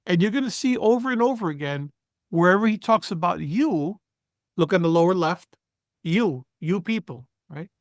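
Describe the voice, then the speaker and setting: A man's voice: sits high, dry recording, clean studio sound. A man teaching a Bible study lesson, explaining step by step and often checking in with the listener with "right?" and "okay?". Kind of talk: screen-shared Bible study lecture.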